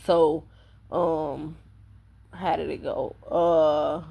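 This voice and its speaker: A woman with a husky, slightly low voice tells a personal story on her vlog. She talks in a blunt, profane, conversational way, as if to friends. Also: steady tone, very slow, mellow. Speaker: vlogger. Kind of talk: casual storytime monologue.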